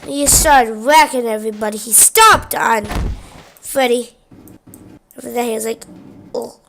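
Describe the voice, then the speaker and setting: Rambling high-voiced woman retelling a video. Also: normal speed, a bit bright, slight background noise. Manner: rambling, with lots of "he was like". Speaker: narrator. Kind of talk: casual unscripted retelling of a game video.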